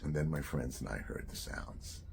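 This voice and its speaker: An older man in his sixties, from New Jersey, recounts a memory from his youth. His voice sits extremely low with a gravelly rasp, and he talks loosely, at times dropping to a near-whisper. Faint background noise runs under the recording. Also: moderate pace, a little mellow. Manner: conversational, drops to a near-whisper at grave moments. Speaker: author. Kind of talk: personal storytelling.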